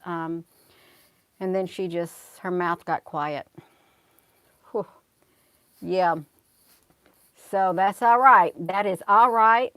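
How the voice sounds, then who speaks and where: A woman's voice: medium pitch, no echo. A middle-aged woman telling a spiritual story in a casual, earnest way. She often repeats herself and restarts her sentences, and she turns preachy and prayerful. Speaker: channel host.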